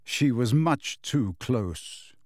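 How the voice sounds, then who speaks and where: Brief: male storybook narrator, measured and expressive, mid-pitched, dry and close. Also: no echo. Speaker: audiobook narrator. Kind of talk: scripted narration.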